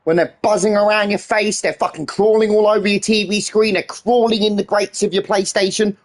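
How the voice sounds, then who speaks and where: A man's voice: sits high, fairly even intonation, fairly quick. A man streaming a game, ranting in an exasperated, heavily sweary way. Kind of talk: casual live-stream rant.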